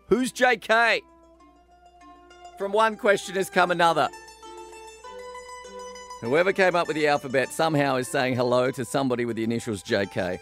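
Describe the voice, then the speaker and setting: Chatty Australian male talkback host, slightly high voice, music bed behind. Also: normal speed, long pauses, a bit bright. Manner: chatty, laughs easily. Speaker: radio host. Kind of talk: talkback radio chat.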